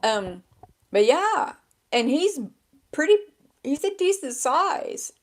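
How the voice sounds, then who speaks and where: A woman's voice: sits high, very animated, takes it slowly. A woman vlogging at home in a casual, rambling way, losing her train of thought and laughing at herself, her voice a bit crackly. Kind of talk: casual chat to camera. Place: indoors at a table with a laptop. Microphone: small handheld microphone.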